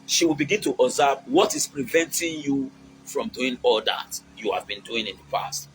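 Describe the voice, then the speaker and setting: A man's voice: medium pitch, animated, normal speed, slight background noise, poor audio. A man with a Nigerian accent giving casual, preachy relationship advice, mixing in Pidgin and acting out quotes.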